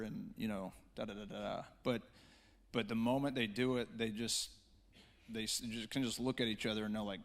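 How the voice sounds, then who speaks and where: A man's voice: fairly low pitch, steady tone, a little fast. A man, speaking as a church speaker in a panel talk, earnest and rambling with many restarts.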